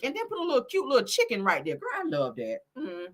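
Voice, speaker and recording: A woman's voice: mid-range voice, wildly swooping pitch, a little fast, hardly any pauses, bright, forceful tone. A woman hosting casual gossip commentary in a sassy, laughing way, calling the viewer honey and girl.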